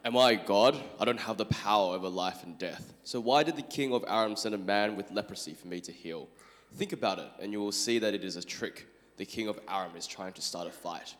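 A man reading aloud the part of a suspicious, worried king in a measured way, in an echoing hall. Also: lowish voice, a bit bright, lightly acted. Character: alarmed suspicious adult male king. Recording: reverberant hall.

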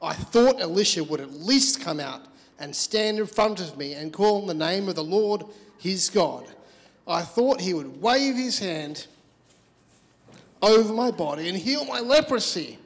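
A man reading aloud the part of a proud, offended army commander in a loud, indignant voice, in an echoing hall. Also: sits high, animated, unhurried. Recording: reverberant hall.

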